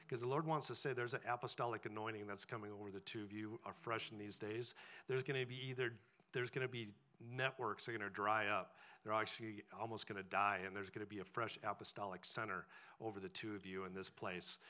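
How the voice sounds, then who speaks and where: A man's voice: lowish voice, pushed and bright. A man preaching a sermon to a church congregation in a conversational style, often checking in with a rhetorical "right?". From farming background.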